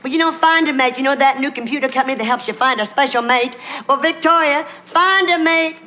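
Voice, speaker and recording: Gushing high-voiced comedienne. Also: female voice, a little fast. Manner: excited, gushing and nervous. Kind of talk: comic monologue on a phone call. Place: TV studio stage. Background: laughing studio audience.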